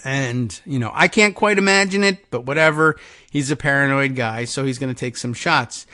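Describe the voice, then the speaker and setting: A man's voice: mid-range voice, moderate pace, bright, forceful tone, no echo, clean studio sound. Sarcastic man hosting political talk show. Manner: sarcastic, mocking, loose and conversational with asides. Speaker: political podcast host. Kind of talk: talk-radio style news commentary.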